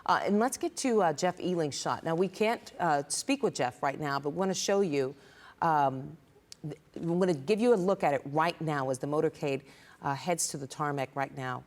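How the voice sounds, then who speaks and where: Low-voiced female news anchor. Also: moderate pace, in a large hall. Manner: hesitant, many fillers. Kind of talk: live broadcast commentary.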